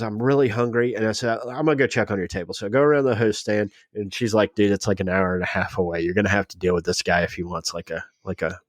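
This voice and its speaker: A man telling a story on a podcast, animated and acting out the dialogue of the people in it. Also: lowish voice, no room sound, studio quality. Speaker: podcast guest. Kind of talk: casual storytelling.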